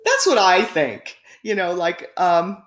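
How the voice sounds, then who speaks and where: Guest woman with a deep voice, rambling and chatty, recorded in an echoey room. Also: very animated, takes it slowly. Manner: rambling, frequent fillers and laughs. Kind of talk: casual storytelling in conversation.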